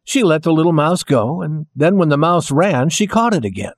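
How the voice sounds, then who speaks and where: A man narrating a children's storybook in a slow, gentle, expressive way. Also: a little high, no echo.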